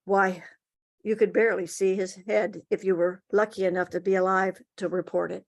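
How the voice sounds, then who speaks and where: A woman storyteller spins a giant folktale at an online story swap, speaking expressively with dramatic pauses and rising emphasis. Her voice sits at an ordinary pitch. It comes through a video call from home. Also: level tone, creaky, a little mellow. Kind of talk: oral folktale telling.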